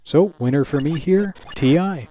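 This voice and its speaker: A man's voice: a little high, moderate pace, warm tone, a little hiss or hum. A man hosting a retro computing channel, narrating a scripted review in a dry, wry, analytical way.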